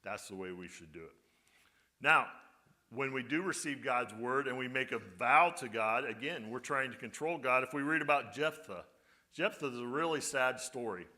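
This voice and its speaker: A man's voice: mid-range voice, expressive, moderate pace, bright, forceful tone. A male pastor giving a conversational sermon, often putting rhetorical questions to his congregation.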